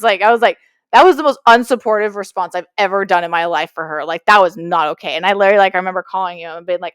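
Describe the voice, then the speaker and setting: A young woman co-hosts a casual podcast chat, telling stories and slipping into the voices of the people she quotes. Her pitch sits in the middle, and the sound is dry and close with no room echo. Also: quick pace, clear, resonant tone. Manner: animated storytelling, acting out quoted lines. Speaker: podcast co-host.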